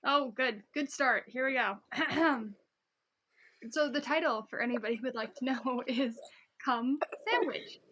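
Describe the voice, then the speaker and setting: A young woman with a lilt co-hosts a chatty podcast, her voice bright and a touch high. She reads posts aloud in an animated way and keeps giggling mid-sentence. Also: measured pace, slight background noise. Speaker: podcast co-host. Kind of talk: casual chat, reading posts aloud.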